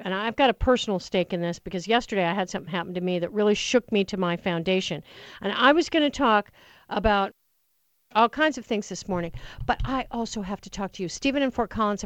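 A woman's voice: medium pitch, no room sound. Passionate rambling woman talk radio host. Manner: passionate, rambling, full of restarts. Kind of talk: political call-in talk radio. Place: radio studio. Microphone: studio microphone.

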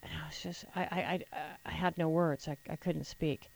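A middle-aged woman radio host telling a personal story in a reflective, halting way, often restarting and repeating words. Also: lowish voice, darkish tone, dry recording, muffled recording.

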